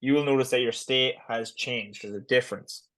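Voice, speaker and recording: A man co-hosting a podcast, talking in a quick, chatty way full of "like". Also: mid-range voice, fairly even intonation, a bit bright, no echo, low-quality recording. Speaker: podcast co-host. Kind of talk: casual chat.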